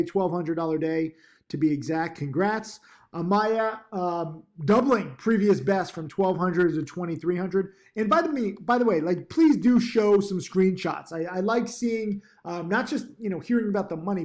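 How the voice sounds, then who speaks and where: A man's voice: high-pitched, darkish tone. A man who teaches stock trading, talking casually to his laptop with lots of ums and restarts and upbeat, pushy encouragement. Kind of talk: casual talking-to-camera vlog. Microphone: laptop mic.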